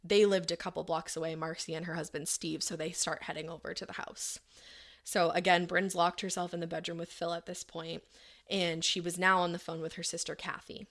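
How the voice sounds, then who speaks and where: A woman with a low, gravelly voice hosts a podcast. She tells a true-crime story in a loose, conversational way, filling it with "like" and slipping into the voices of the people involved. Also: flat delivery, a little fast, fairly bright tone. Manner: conversational, frequent "like" fillers, acts out quotes. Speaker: podcast host.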